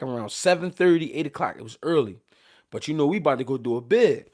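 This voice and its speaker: A Philadelphia show host with a mid-range voice tells casual stories. He's animated and slangy, swears freely, and keeps restarting his sentences.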